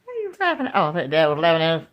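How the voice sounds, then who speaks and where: Animated woman vlogging from home. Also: sits low, very fast, lo-fi sound. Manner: animated, coos and exclaims, talks to viewers as "guys". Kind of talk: casual home video narration. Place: home, filming out a window.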